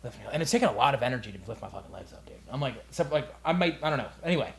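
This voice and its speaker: A young man co-hosting a podcast, telling a story in a casual, comedic way. He talks with animated delivery, lots of swearing and laughter. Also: medium pitch, racing, vocal fry. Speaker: podcast co-host. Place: quiet room.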